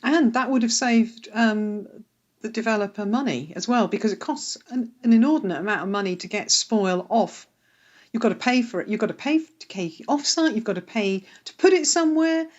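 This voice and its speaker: A woman's voice: fairly high pitch, a little fast, highs cut off. A woman from Northern Ireland, a planning director, chatting casually as a podcast guest. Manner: chatty, warm laughs, fillers.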